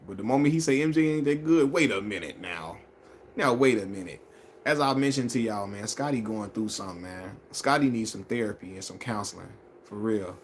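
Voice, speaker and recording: A man of middle pitch runs a casual live stream, talking basketball and reading comments out loud. He talks in loose slang, doubles back on his own phrases and laughs often. A faint hiss sits under his voice. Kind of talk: casual sports chat.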